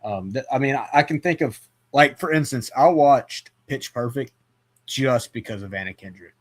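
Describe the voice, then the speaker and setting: A man's voice: mid-range voice, normal speed. A man hosting a casual movie chat, rambling with lots of fillers and restarts. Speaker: podcast host.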